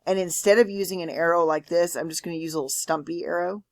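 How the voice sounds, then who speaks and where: A woman's voice: fairly low pitch, fairly even intonation, fast talker, darkish tone. A woman teaching a math lecture, explaining step by step and often checking in with "okay?". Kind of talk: lecture with board work.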